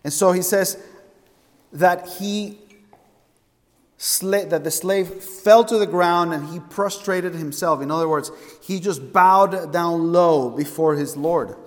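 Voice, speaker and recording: A man's voice: a little high, slow pace, in a large hall. A man preaching a sermon, emphatic and fond of asking his listeners questions. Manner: emphatic, asks the congregation questions.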